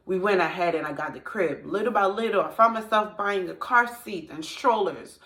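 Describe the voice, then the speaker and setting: A woman's voice: mid-range voice, moderate pace, few pauses, a bit bright, reverberant. A young woman sharing her personal faith testimony, earnest and confiding, often repeating her phrases. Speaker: testimony vlogger.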